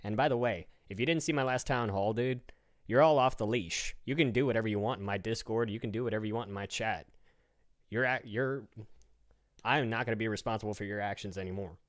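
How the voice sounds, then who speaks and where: A man's voice: on the low side, a little fast. A man hosting a casual live-stream town hall, talking loosely with a guest and his chat. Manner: relaxed, loose, laughs easily, talks to chat.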